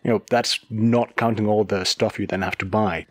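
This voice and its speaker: A man's voice: on the low side, fairly even intonation, normal speed, slight background noise. A man co-hosting a podcast who explains news stories in a chatty, casual way. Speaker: podcast co-host. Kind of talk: casual chat.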